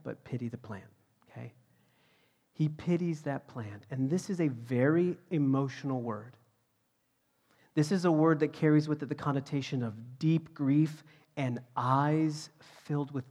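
A man preaching a sermon, swinging from loud, emphatic lines to hushed, whispered passages. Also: mid-range voice. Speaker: pastor.

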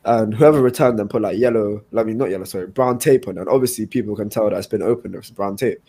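A man chatting casually with friends, telling a slangy anecdote with quick asides. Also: on the low side, mellow, breathy edge. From India. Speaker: podcast co-host. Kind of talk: casual chat.

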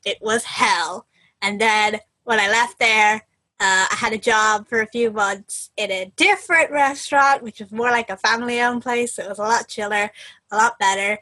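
A woman's voice: fairly high pitch, fairly even intonation, moderate pace, pushed and bright. A young woman in her twenties, co-hosting a podcast in chatty, casual talk and laughing often. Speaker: podcast co-host. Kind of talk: casual chat.

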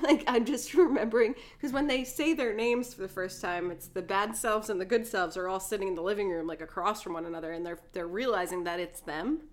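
A young woman co-hosting a podcast, animated and quick with asides while discussing a film. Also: mid-range voice. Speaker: podcast co-host.

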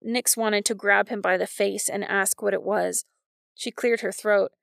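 A woman narrating a novel in a wry, even storytelling manner. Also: mid-range voice, unhurried, gravelly, dry recording, clean studio sound. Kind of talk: scripted audiobook narration.

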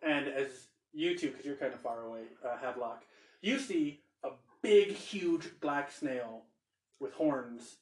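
A man's voice: mid-range voice, animated, measured pace, darkish tone. Chatty game master man, echoey room. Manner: loose and chatty, with many fillers. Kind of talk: narrating a tabletop game.

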